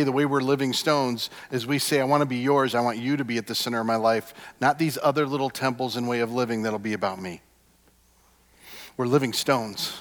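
A man preaching a sermon as a pastor, emphatic, with repeated refrains that swing from hushed to loud. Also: mid-range voice. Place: church sanctuary. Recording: long hall reverb.

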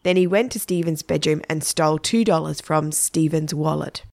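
A woman narrating a children's story in a plain, even manner. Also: low voice, moderate pace, vocal fry, no room sound, studio quality.

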